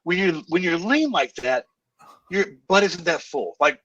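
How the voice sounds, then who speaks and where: A man's voice: on the high side, very animated, a little slow, fairly bright tone, dry recording, dull audio. A man co-hosting a live bodybuilding watch party, speaking in a blunt, slangy, emphatic way. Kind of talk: casual live-stream chat. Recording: dry sound from a distant mic.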